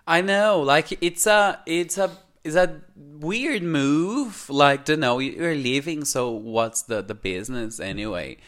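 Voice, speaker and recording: A man co-hosting a podcast in casual chat, gushing and excitable, tripping over his words. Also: fairly high pitch, measured pace, few pauses. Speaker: podcast co-host.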